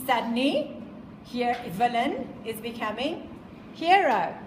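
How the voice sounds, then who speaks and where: A woman's voice: high voice, lively intonation, a little slow, echoey room, background noise. A woman with a South African accent who teaches a class in an emphatic way, repeating her points and quizzing her students. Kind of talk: classroom lecture.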